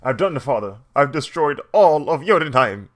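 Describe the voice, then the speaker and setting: A man's voice: on the high side, lively intonation, normal speed, a bit bright, pitched above the performer's own voice. A man imitating a smug young male trickster god in an exaggerated, mock-proud way while retelling a cartoon parody.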